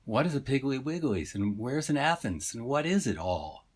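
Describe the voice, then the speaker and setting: A man's voice: mid-range voice, sing-song, normal speed, breathy edge, pitched above the performer's own voice. A man voicing a bewildered male talking halibut, plaintive and full of questions, raised well above his own voice.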